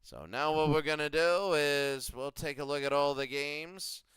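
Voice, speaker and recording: Man, unhurried baseball sim commentator, smooth clear voice, dry close sound, meandering delivery. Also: fairly high pitch, a bit bright, dry recording. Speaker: video game commentator. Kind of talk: play-by-play recap of a simulated baseball game.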